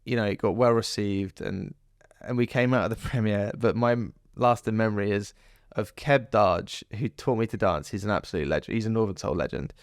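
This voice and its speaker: A man's voice: on the low side, brisk, smooth, dry recording, studio quality. A man, an actor chatting as a podcast guest, telling rambling stories. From southern England. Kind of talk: casual interview chat.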